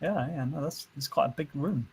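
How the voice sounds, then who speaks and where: A man's voice: on the high side, fairly quick, breathy edge. Laughing man running a tabletop game. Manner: chatty, laughs often, thinks aloud. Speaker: game master.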